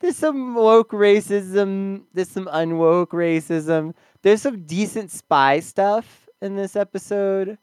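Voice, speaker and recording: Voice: medium pitch, slow, few pauses, darkish tone, clean tone, dry recording. A podcast co-host in casual review chat, laid-back and hedging with fillers.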